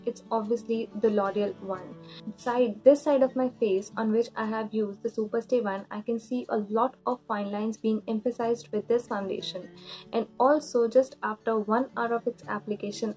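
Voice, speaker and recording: A woman's voice: fairly high pitch, a little mellow. A woman in a makeup review vlog, explaining her results in an earnest way with small restarts. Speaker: beauty vlogger.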